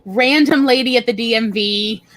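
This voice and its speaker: A woman chatting casually on a livestream over a remote call, playful and quick to laugh, with lots of "like". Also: on the high side, fairly bright tone, rough recording. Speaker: co-streamer.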